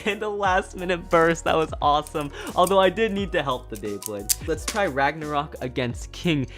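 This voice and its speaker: A man hosting a casual toy unboxing and review, eager and excitable, laughing often and restarting his sentences. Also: fairly high pitch, normal speed, faint music behind. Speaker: toy reviewer and channel host.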